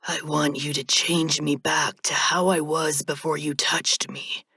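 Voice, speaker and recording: A woman narrates an audiobook in a full character voice, playing an ancient male reaper who is turning human. She uses a deep, breathy, strained and cracked dry whisper, slow, deliberate and monotone, sounding cold and insistent, with no echo.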